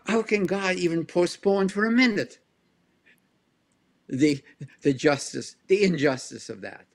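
A male historian answering an interview question, explaining lively and firing off rhetorical questions, with chuckles between points. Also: medium pitch. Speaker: historian guest.

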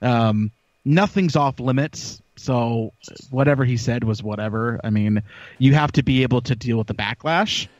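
A man's voice: mid-range voice, moderate pace, a little mellow, no room sound. A man as a podcast guest in casual chat, opinionated and rambling with frequent restarts. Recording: dull lo-fi call audio.

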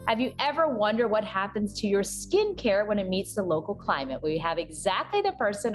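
Woman TV host, very lively intonation, chatty presenter, faint music bed. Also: mid-range voice, brisk, few pauses. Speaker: TV segment host. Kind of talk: TV lifestyle segment hosting.

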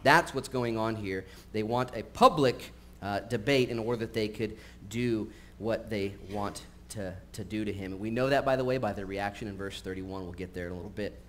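A pastor giving a sermon at a church service, moving from casual, joking asides to earnest points. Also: male voice, lowish voice, moderate pace, few pauses, a bit bright. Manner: conversational and humorous, shifting into earnest emphasis. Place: church service, recorded live. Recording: faint background noise from a live stream.

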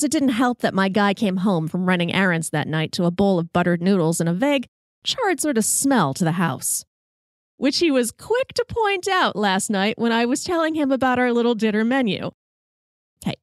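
A woman hosting a podcast, telling a funny personal story in a wry, self-mocking, animated way. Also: a little high, dry recording, clean studio sound. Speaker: podcast host.

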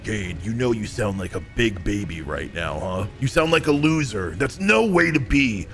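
Villain dad with a taunting drawl, low and sneering, over background music as a man puts it on. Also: expressive, normal speed, a bit bright. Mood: scornful. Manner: sneering, taunting, laughs at others. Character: gloating male supervillain father, cruel and mocking.

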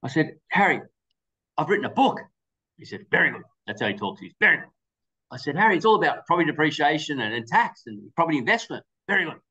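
Fast-talking man telling stories. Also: fairly high pitch, husky, highs cut off. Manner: animated anecdotal storytelling with quoted dialogue. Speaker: webinar presenter. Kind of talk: storytelling presentation.

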